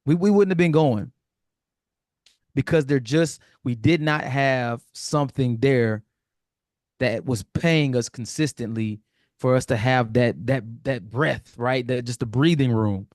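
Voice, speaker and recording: Man, earnest, heartfelt, halting restarts, dry sound, video call. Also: mid-range voice, a little mellow, no echo. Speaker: community member sharing a testimonial. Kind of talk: casual call testimony.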